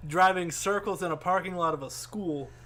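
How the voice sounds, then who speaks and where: A man's voice: high voice, moderate pace, a bit bright. A man co-hosting a podcast, teasing and questioning his friend in casual banter. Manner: teasing, skeptical interjections. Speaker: podcast co-host. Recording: faint background hum.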